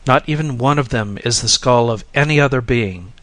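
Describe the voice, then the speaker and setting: A man voicing a calm, gentle sage who speaks softly and reassuringly in a storybook reading. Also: mid-range voice, no room sound, lightly acted. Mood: serene. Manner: soft, unhurried, reassuring.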